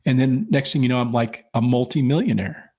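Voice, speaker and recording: A man's voice: mid-range voice, fairly quick, a little mellow. A middle-aged man co-hosting a podcast, rambling through casual stories with lots of swearing and acted-out quotes. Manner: rambling storyteller, profane, acts out quoted people. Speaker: podcast co-host. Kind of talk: casual chat.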